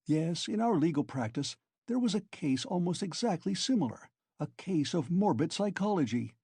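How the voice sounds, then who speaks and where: A man's voice: a little high, animated, normal speed, warm tone, breathy edge, no echo, studio quality. A man voicing a sly, genial male investigator who talks in a fussy, insinuating way. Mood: musing. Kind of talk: audiobook character reading.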